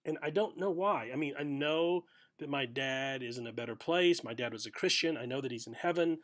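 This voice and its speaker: A middle-aged man giving a short, reflective sermon for a video podcast, telling a story gently with pauses. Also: medium pitch. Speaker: pastor.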